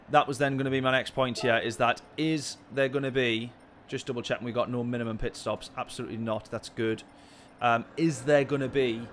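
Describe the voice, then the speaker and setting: A man commentating live on a sim-racing stream, chatting with viewers in his chat and getting excitable in the race. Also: medium pitch, a little hiss or hum. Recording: game music behind voice. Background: game music and car engine sounds.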